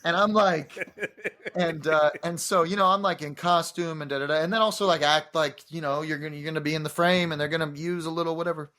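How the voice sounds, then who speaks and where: A man's voice: fairly high pitch, quick pace. A man, a guest actor, telling a story in casual chat. He restarts a lot and acts out what people said. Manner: animated storyteller, many restarts, acts out quotes.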